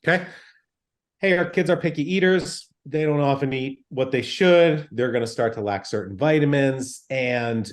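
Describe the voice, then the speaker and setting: A man's voice: mid-range voice, normal speed. A man, a physician guest in an interview, explaining things emphatically with everyday examples and frequent check-ins.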